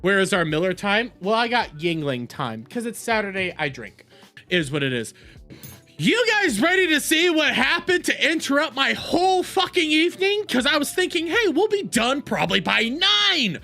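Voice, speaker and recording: A woman hosting a livestream, ranting in an exasperated, animated way with heavy swearing, on a desk mic at home. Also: a little high, moderate pace. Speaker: livestream commentary host. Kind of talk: casual livestream rant. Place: home streaming room. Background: faint background music.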